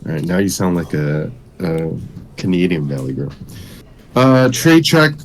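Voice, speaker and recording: A man's voice: sits low, very animated, unhurried. A man hosting a live trading room, joking and swearing while calling out trades. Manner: joking, profane, calls out trades. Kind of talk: casual trading chat.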